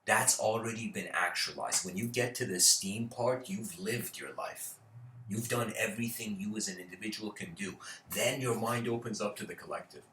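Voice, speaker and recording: Man, informal lecture, rambling and laughing, lowish bright voice, roomy echo. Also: normal speed, distant mic, slight background noise. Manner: rambling, laughs often, many fillers. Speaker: speaker.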